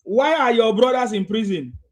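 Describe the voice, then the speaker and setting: A man's voice: very high-pitched, lively intonation, normal speed. A Nigerian man hosting a heated call-in chat, combative and repeating himself. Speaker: host.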